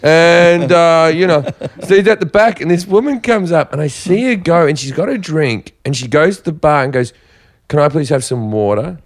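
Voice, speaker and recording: A man's voice: on the high side, expressive, normal speed, hardly any pauses. A man, a stand-up comedian guest telling rambling, crude stories in casual chat. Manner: rambling anecdotes with crude jokes.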